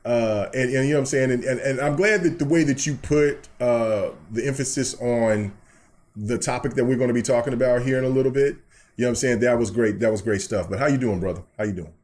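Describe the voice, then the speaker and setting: A man's voice: mid-range voice, fast talker, a little mellow. A man hosting a casual gaming podcast, playful and teasing, often repeating his words. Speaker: podcast host.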